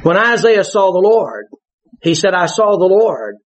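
A man preaching a sermon, animated, bursting into shouts and laughter as he tells his stories. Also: sits high, unhurried. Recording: dull lo-fi sermon recording.

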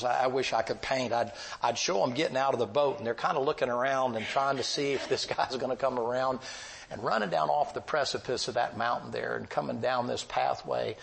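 Gravelly folksy preacher man. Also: medium pitch, rough recording. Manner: folksy, vivid storytelling with rising emphatic bursts. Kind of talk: storytelling sermon.

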